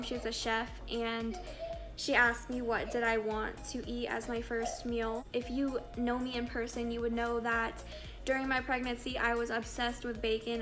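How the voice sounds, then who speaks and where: In a somewhat high, slightly bright voice, a twenty-something mother and vlogger candidly recounts giving birth, rambling and chatting to the camera.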